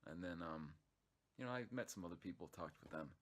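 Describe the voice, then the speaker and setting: A man's voice: deep voice, expressive, a little fast. A man narrating his own travel vlog in a casual, rambling way, swearing freely and often restarting his sentences. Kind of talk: casual profane storytelling.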